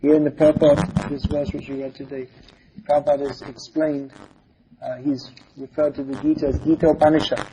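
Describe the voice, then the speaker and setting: A man's voice: on the high side, level tone, fairly quick. A man lecturing on scripture in a devotional talk, asking rhetorical questions and chanting verses. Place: lecture hall. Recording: faint background noise, older recording.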